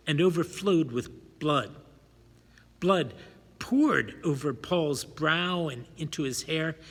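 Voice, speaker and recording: Dramatic male audiobook reader, lively pitch, husky tone. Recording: long hall reverb.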